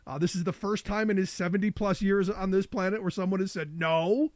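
A man hosting a call-in talk show, sounding sick and rough-voiced, chatting casually. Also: high voice, fairly even intonation, no room sound. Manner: casual, chatty, quick asides. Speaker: radio talk show host.

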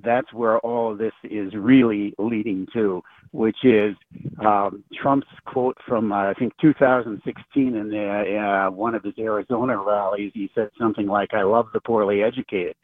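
A man's voice: lowish voice, fairly even intonation, measured pace, no room sound. An older retired man calling in to a radio talk show, ranting with sarcasm and stumbling through many restarts. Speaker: caller. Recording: tinny phone line.

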